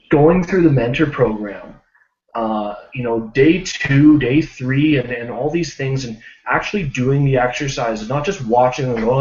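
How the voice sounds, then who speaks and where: Animated man telling a story, roomy call audio. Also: medium pitch, dull audio. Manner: animated, acts out quoted voices. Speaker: team member sharing a success story. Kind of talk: casual storytelling on a group video call. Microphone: video call.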